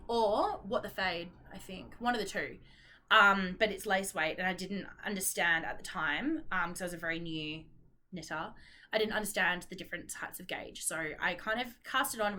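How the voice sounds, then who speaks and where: A young woman with an Australian accent chats casually, rambling from one thought to the next and apologizing often. Her tone is bright and forward, at a middle pitch. She fills her pauses with plenty of ums. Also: slight background noise. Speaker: knitting vlogger. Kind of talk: casual chat.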